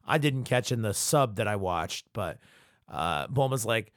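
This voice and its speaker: A man's voice: on the low side, animated, unhurried, no echo, clean studio sound. A man hosting a podcast, giving loose, profane fan commentary as he retells scenes. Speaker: podcast host.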